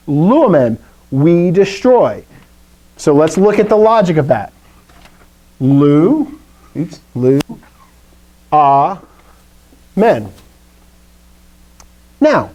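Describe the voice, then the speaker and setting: A male teacher leading a live Greek lesson, his pitch rising and falling a great deal as he explains. His voice is mellow and warm, and he keeps asking the class questions in a playful, animated way. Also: poor audio.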